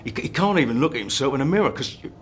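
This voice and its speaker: A frightened man , played by an actor, stammering and pleading at an everyday pitch, nervous throughout. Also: expressive, rapid-fire, slight background noise, natural voice. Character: frightened pleading male victim. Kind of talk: film acting.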